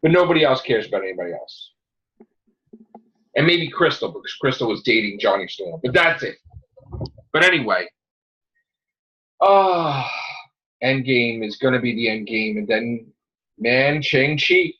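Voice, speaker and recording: Brief: New man, host, animated profane rants, bright lively voice, big swings in pitch. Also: a little slow, long pauses, highs cut off. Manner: excitable, profane ranting. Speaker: show host. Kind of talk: casual podcast chat.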